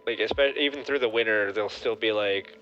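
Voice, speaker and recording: A young man with a lowish voice adds dry, offhand remarks to a casual podcast. The sound is dull and lo-fi, with faint music underneath. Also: brisk, a bit bright. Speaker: podcast co-host.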